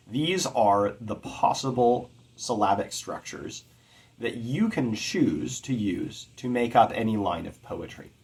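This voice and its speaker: A man teaching poetic meter in a measured explanatory lecture, chanting rhythms to demonstrate them. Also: on the low side. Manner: measured, with occasional fillers. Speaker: poetry teacher.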